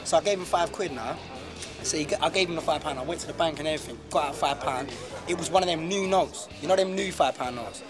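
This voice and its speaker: A man's voice: a little high, fast talker, music in the background. A young man, an actor chatting casually behind the scenes and telling stories in a joking, slangy way. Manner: joking, slangy, animated storytelling. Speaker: actor interviewed on set.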